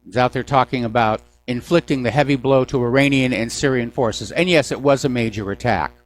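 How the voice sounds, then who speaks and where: Brief: male talk radio host, mid-pitched, sardonic news commentary, takes callers. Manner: sarcastic, mocking asides. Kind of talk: news commentary call-in show.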